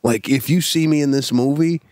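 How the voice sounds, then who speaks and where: Animated man telling stories, dry sound. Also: mid-range voice, normal speed, no echo. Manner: animated storyteller, says "bro" a lot. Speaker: podcast co-host. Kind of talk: casual storytelling chat.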